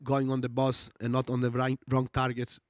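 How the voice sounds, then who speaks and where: A man's voice: medium pitch, monotone, moderate pace. A man with a strong Italian accent, giving casual livestream commentary and explaining things at length with lots of fillers. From Italy. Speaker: esports co-commentator.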